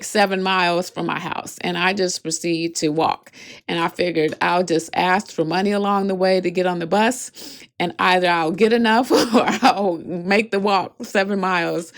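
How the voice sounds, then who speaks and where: A woman in her forties hosting her own podcast, telling a personal story in a heartfelt, earnest way, her voice cracking with emotion. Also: on the low side. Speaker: podcast host. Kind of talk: reflective solo podcast storytelling.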